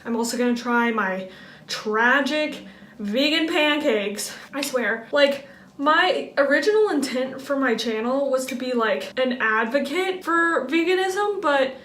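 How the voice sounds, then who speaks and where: A woman's voice: sits high, lively intonation, measured pace, a bit bright. Chatty young woman in an echoey kitchen. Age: young adult. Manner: chatty, self-deprecating, swears mildly. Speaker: vlogger. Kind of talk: casual storytelling vlog. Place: home kitchen. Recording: echoey room, faint background noise.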